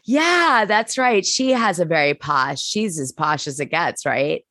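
An American woman with a low-pitched voice asks eager questions. She gushes readily, and her voice sits in a dry, close recording. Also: animated, bright, forceful tone, no echo. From United States. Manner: eager, curious, quick to gush. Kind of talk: casual chat.

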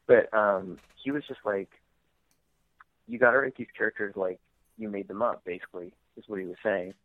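Over a tinny phone line with no room sound, a man with a lowish voice, a comic book writer appearing as a guest, tells stories candidly. He rambles, often stops mid-sentence, and laughs as he talks.

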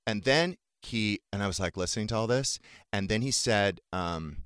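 A man's voice: lowish voice, moderate pace, fairly bright tone, clean tone, no room sound, studio quality. A man hosting a talk podcast, candidly and emotionally retelling a painful family fight in casual chat. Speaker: podcast host.

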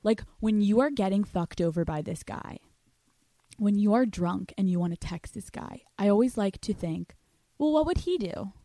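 A woman's voice: mid-range voice, moderate pace, dark tone, no room sound. Blunt, profane woman podcast host. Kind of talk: casual advice monologue.

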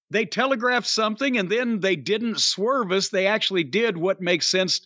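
A high-pitched man hosts a podcast, blunt and profane, hitting his points with sharp rising stresses. His voice sounds dry and a little dull, like a lo-fi microphone in a dead room. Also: dry recording. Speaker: podcast host reviewing wrestling. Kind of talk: casual podcast chat.

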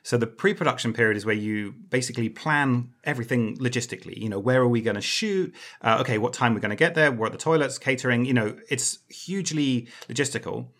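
Chatty man co-host with a bright, forceful voice, explains in a casual way. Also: medium pitch, fast, few pauses. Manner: chatty, explains industry matters, self-deprecating jokes. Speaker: podcast co-host.

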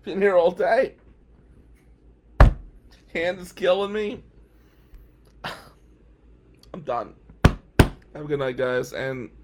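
A man hosting a show, telling a personal story in a casual monologue, animated and swinging from loud outbursts to low mutters. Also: slow, noisy background.

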